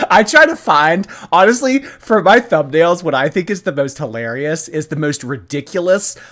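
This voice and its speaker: Speaking at normal speed with hardly any pauses, this man has a slightly high voice. He's chatting casually on a live stream, sarcastic and teasing, his intonation lively.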